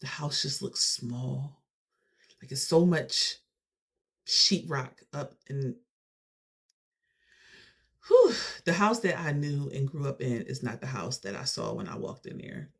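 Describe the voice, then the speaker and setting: A young adult vlogger telling a family story in a casual, animated way. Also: medium pitch, slow, vocal fry, long pauses, slightly rough. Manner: animated, conversational retelling.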